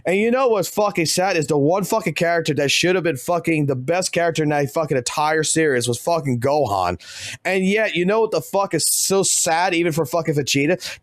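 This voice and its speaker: A man's voice: fairly high pitch, no room sound, clean studio sound. A man who streams games, ranting heatedly and swearing constantly. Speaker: game streamer. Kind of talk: profane gaming rant.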